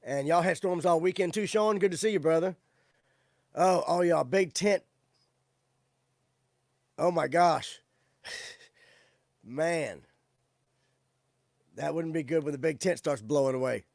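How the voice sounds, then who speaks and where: A man's voice: on the high side, slow, gravelly, long pauses, darkish tone, no room sound, clean studio sound. A man hosting a casual live-stream, chatting loosely with viewers in a laid-back way. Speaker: livestream show host. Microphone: studio microphone with audio interface.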